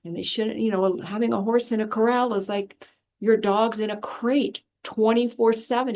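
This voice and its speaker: A woman's voice: mid-range voice, a little mellow. A woman who works as an animal communicator, talking frankly in a casual monologue and slipping into voices when she quotes people. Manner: chatty storyteller acting out quotes in changed voices; frank, exasperated asides. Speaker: animal communicator and spiritual healer.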